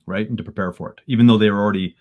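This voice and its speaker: A man from Canada, a podcast guest, telling a story in an animated way that rises into excited bursts. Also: fairly low pitch, racing, narrow, tinny audio.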